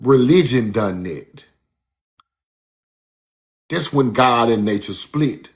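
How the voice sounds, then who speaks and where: A man's voice: mid-range voice, animated, slow. A man giving a casual, emphatic street-style lecture, repeating his points and calling the listener bro. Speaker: speaker giving a talk.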